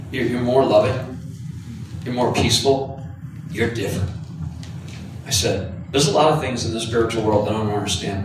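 A man's voice: mid-range voice, recorded from a distance, background noise. Man preaching in an echoey hall. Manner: storytelling, animated and confessional. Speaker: pastor. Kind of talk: sermon.

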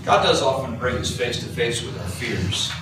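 Male pastor, middle-pitched, animated confessional storyteller, heard from far off in a very echoey hall. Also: normal speed, noisy background. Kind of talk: sermon.

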